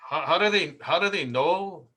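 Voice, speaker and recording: A man's voice: on the high side, normal speed, sharp tone. A man, a contractor, giving casual marketing advice through stories, chatty with many fillers and repeats. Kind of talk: casual anecdotal talk.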